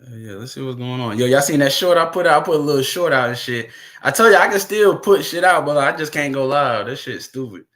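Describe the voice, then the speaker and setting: A man's voice: mid-range voice, lively intonation, fairly quick, a bit bright. A man hosting his own livestream, chatting casually, rambling and swearing freely as he talks to viewers. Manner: profane, rambling, laughing between remarks. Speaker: livestream host.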